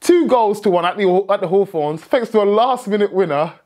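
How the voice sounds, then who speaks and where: A young man hosting a football fan vlog, talking excitedly with many restarts and outbursts. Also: high voice, fairly quick. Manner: excitable, rambling, frequent restarts, shouts in joy. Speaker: football fan channel host.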